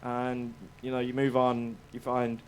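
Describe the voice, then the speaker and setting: A man's voice: mid-range voice, completely flat delivery, a little slow, slight background noise. A male musician chatting as a guest about his songs, laid-back, rambling and a bit sweary. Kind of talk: casual interview chat.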